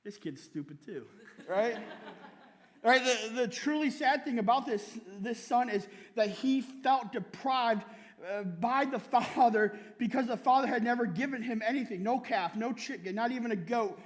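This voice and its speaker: A man preaching in church with a strikingly high voice, talking to the congregation like a friend. He keeps checking in with "right?" and slips laughs into his sentences. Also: moderate pace, in a large hall. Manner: conversational preaching, tags many lines with "right?"; laughs often while speaking. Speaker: pastor. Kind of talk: sermon.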